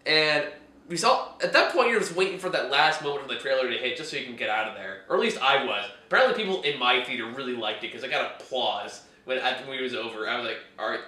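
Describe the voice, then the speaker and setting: A man's voice: medium pitch, expressive, fast, bright, forceful tone, roomy sound. A man hosting a casual chat about bad movies, ranting in an exasperated way and laughing often. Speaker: host reviewing movies.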